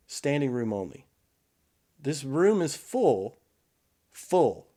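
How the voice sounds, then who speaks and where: An earnest middle-aged man talks through a personal story at an easy conversational pitch, neither high nor low. He restarts his sentences often and drops into quiet asides as he reflects. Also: very animated, takes it slowly. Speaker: podcast guest.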